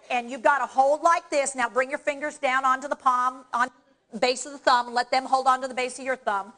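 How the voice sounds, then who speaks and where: Woman trainer running a dementia care workshop, direct and lively, fairly high voice, live in a presentation room. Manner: lively, direct, coaching audience through exercises.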